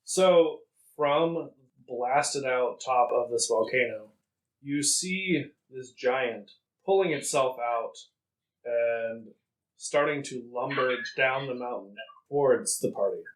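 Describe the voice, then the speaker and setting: A man narrating as game master in a tabletop game, casual and quick to laugh, filling pauses with "like" and "um". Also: medium pitch, rough recording. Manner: casual, laughing often, thinks aloud with fillers.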